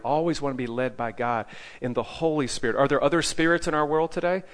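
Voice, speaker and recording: A man's voice: mid-range voice, fairly quick. Preaching man who keeps asking "okay?". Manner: tags nearly every point with "okay?" and quizzes listeners. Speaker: evangelism teacher. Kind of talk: preaching to a live group.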